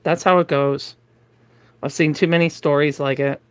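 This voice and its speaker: A middle-aged woman hosting a livestream, telling a story to her chat in a casual, animated way, often laughing and acting out the people in it. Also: low voice, moderate pace, clean tone, dry recording. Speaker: livestream host.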